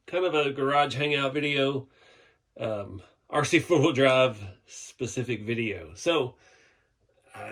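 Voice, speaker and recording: A man hosting a casual garage hangout vlog, sounding congested and rambling with frequent laughs. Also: medium pitch. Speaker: YouTube host. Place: home workshop.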